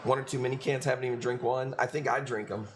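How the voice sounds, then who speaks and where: A man's voice: medium pitch, fairly even intonation, fast, a little hiss or hum. A man with a Chicago accent hosting a live coral-selling stream, chatting casually in a loose, rambling way with plenty of swearing. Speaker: livestream coral seller. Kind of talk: casual livestream chat.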